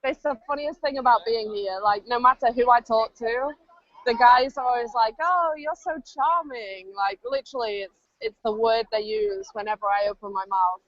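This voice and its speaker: A chatty British woman tells stories and laughs easily. Her voice sits a little high. The sound is dry and dull, like a lo-fi call. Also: normal speed, no echo. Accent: British English. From Britain. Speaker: podcast co-host. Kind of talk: casual chat.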